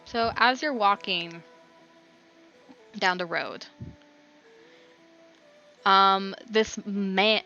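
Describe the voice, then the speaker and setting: A woman narrating as game master in a tabletop role-playing game, relaxed, with fillers. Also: medium pitch, very slow, long pauses, highs cut off, faint music behind.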